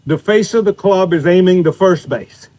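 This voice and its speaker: A man's voice: sits high, moderate pace, mellow, rough recording. An older man teaching a live golf clinic outdoors, talking in a folksy, storytelling way while he demonstrates shots. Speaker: golf instructor. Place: outdoor golf practice area.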